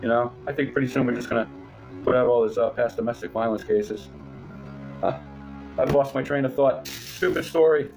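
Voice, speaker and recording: A man's voice: medium pitch, steady tone, normal speed, creaky, pauses often, a little mellow, soft background music. A middle-aged man telling a rambling, crude, mocking story in casual talk, full of fillers and restarts. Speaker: channel host.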